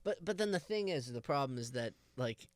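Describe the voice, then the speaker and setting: A man's voice: medium pitch, animated, brisk, no echo. A man co-hosting a podcast in casual chat, hesitant and laughing easily. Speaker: podcast co-host.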